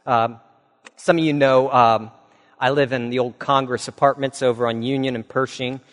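A man's voice: mid-range voice, steady tone, normal speed. A male pastor preaching a sermon in a conversational, storytelling way with touches of humor and casual fillers. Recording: long reverb of a large hall.

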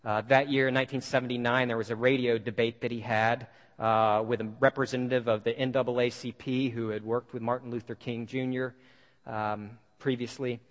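A man telling a story to an audience in an animated way, with many fillers and restarts. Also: mid-range voice, fairly quick. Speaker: speaker. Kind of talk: storytelling talk. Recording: long hall reverb.

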